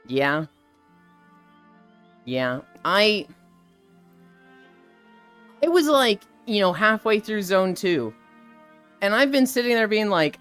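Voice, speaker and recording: A woman's voice: medium pitch, slow, long pauses, clear, resonant tone, faint music behind. A young woman streamer chatting casually and animatedly, swearing freely as she rants about a game's story. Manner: animated, profane, ranting about a game story. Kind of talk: casual live-stream chat.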